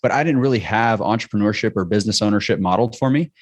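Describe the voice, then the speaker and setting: A man from northern New Mexico, a podcast guest telling his background in a measured, earnest way. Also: fairly low pitch, no room sound. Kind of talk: interview conversation.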